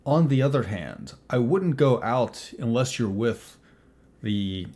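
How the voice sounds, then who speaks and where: A man's voice: medium pitch, expressive, slow, mellow, pitched above the performer's own voice. Man doing a cautious, warning man. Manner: guarded, advising.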